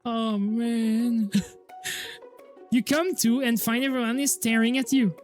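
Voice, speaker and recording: A woman's voice: a little high, steady tone, takes it slowly, long pauses, a little mellow, faint music behind. A woman streamer reading a visual novel aloud in an amused, chatty way. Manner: amused, chatty narration with frequent laughs. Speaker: gaming streamer.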